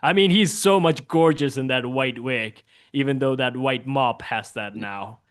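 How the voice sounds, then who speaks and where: A man's voice: medium pitch, clean tone, voice pushed down, natural voice. A man doing a jealous brooding swordsman. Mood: mock brooding. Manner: slow, grandiose then self-mocking. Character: brooding, jealous male demon-hunter brother. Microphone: video call.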